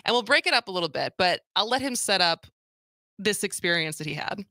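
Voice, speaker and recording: Bright-voiced woman radio talk host. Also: medium pitch, fairly quick, dry recording, studio quality. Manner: energetic, speaks to listeners directly. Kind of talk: radio talk show chat.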